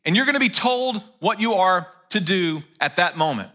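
Solemn heavenly voice a man puts on: high, bright, slow and commanding. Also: expressive. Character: commanding divine male voice from heaven.

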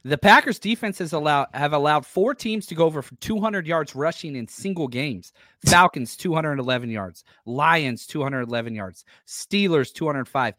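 A man co-hosts a sports podcast in a laid-back, conversational way. His voice sits a little high and moves around a lot as he reads stats and viewer messages. The sound is dry. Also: normal speed, no room sound. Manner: relaxed, lively, reads stats and super chats. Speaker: podcast co-host. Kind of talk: casual sports podcast chat.

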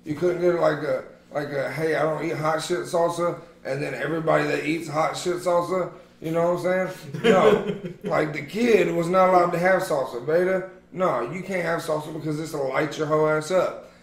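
A man's voice: fairly high pitch, normal speed. A man co-hosting a casual podcast, telling rowdy, profane stories to his friends. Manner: profane, animated storyteller. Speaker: podcast co-host. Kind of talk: casual chat among friends. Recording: roomy echo.

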